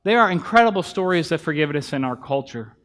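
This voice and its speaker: A man's voice: fairly high pitch, lively intonation, fast talker, a bit bright. A pastor in his thirties giving a conversational sermon in a church, telling family stories and acting out bits of dialogue. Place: church sanctuary.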